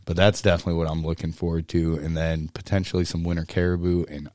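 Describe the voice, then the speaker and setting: Deep-voiced joking podcast host. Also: male voice, little pitch movement, fast, darkish tone, no room sound, studio quality. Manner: blunt, joking, laughs often, trails off with fillers. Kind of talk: casual chat.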